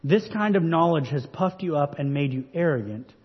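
A male pastor preaching an earnest, measured sermon full of rhetorical questions. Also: on the high side, expressive, husky. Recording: dull recording with long hall reverb.

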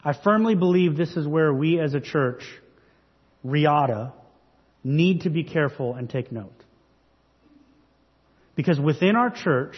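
A man preaches an earnest, measured sermon, his slightly high, husky voice carrying through a church sanctuary. The recording is dull and washed in long hall reverb. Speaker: pastor.

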